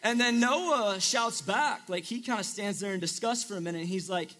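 High bright-voiced young male preacher. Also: normal speed. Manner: joking, chatty, lots of "like" fillers. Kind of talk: casual sermon. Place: room with a live audience.

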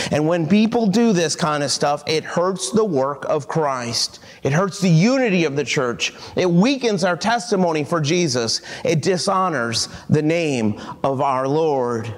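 A man preaching a sermon in an earnest way, slowing down to stress key phrases. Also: on the high side, big-room sound. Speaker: pastor.

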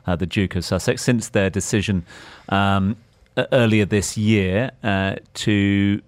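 A man with an English accent presenting business news on radio, talking in a halting way with many restarts. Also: lowish voice, fairly even intonation, no room sound. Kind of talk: casual radio chat.

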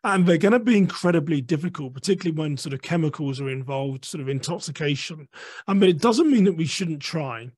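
A man with a fairly high voice speaks as a guest author in a dry, close recording. He explains his points in a measured way and slips into short acted-out examples of what people say. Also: lively intonation, darkish tone, breathy edge, no room sound. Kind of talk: conversational interview explanation.

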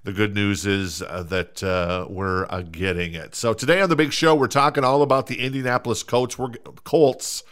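A man's voice: lowish voice, moderate pace, hardly any pauses, a bit bright, clean tone. A man with a Minnesota accent hosting a casual sports podcast, talking with many fillers and restarts. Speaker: podcast host.

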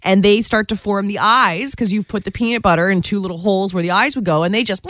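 A woman's voice: mid-range voice, fast, fairly bright tone, no echo, clean studio sound. A woman co-hosting a radio show, chatting playfully about entertainment news and laughing often. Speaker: radio co-host. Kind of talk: casual entertainment news chat.

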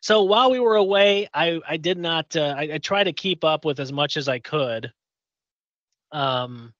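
A man's voice: fairly high pitch, a bit bright, dry recording. Podcast co-host, male, from Indiana, rambling casual storyteller, dry dull lo-fi sound. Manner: rambling storyteller, lots of fillers and restarts. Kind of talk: casual chat.

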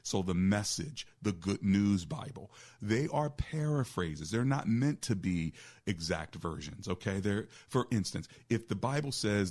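Low-voiced man hosting a call-in show. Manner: conversational, preacherly, teasing asides. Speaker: radio talk show host and pastor. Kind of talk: call-in radio talk.

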